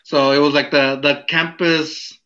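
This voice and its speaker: A young man tells a rambling story in casual chat and fills the gaps with ums. His voice is bright and a little high. The sound is dull and lo-fi. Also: level tone, measured pace. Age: young adult. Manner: rambling, searches for words with many fillers.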